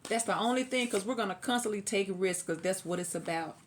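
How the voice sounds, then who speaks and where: A woman's voice: mid-range voice, fast talker, slight background noise. A woman giving a casual tarot reading, chatty and preachy, laughing often. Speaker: tarot reader.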